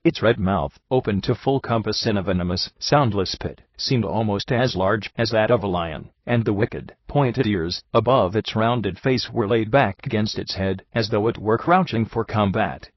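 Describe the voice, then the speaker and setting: A man reading a first-person story aloud as an audiobook, in a measured, deliberate way. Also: fairly low pitch, dry recording, highs cut off. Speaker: audiobook reader.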